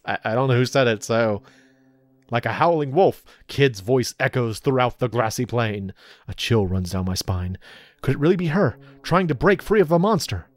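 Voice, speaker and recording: A man's voice: medium pitch, expressive, moderate pace. A man hosting a let's play, reading the game's story aloud with playful, laughing asides. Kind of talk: reading game text aloud with commentary.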